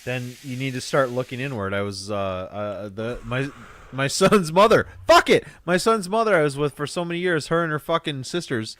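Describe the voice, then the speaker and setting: A man's voice: mid-range voice, expressive, moderate pace, a bit bright. A man in casual podcast chat, telling crude, joking stories.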